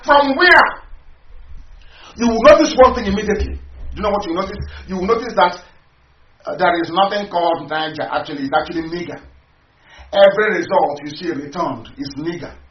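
Preachy male broadcaster, high voice, distant roomy lo-fi recording. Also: lively intonation, a little fast. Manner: preachy, repetitive, asks listeners questions. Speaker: broadcaster addressing listeners. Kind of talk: impassioned political broadcast. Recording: roomy, distant, dull lo-fi audio with faint noise.

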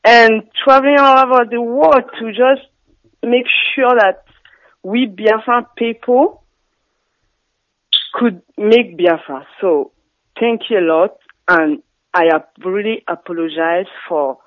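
A woman with a French accent calling into a radio show by phone, speaking softly and hesitantly. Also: mid-range voice, slow, pauses often, dry recording. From France. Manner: soft-spoken, hesitant, apologetic. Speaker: caller. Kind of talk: radio call-in. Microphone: phone line. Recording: dull phone line.

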